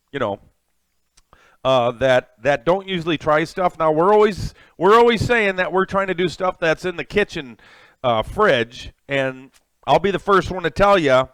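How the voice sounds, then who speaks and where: A man's voice: on the high side, big pitch swings, normal speed, a bit bright, no echo. A man hosting a live cooking stream, chatting casually and rambling with many fillers as he greets viewers. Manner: reads viewer names from chat and thanks them. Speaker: cooking livestream host.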